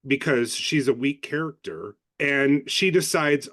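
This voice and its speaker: A man's voice: mid-range voice, a little slow, few pauses, fairly bright tone, no echo. A man giving frank, opinionated views in a casual podcast discussion, with some swearing. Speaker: podcast co-host.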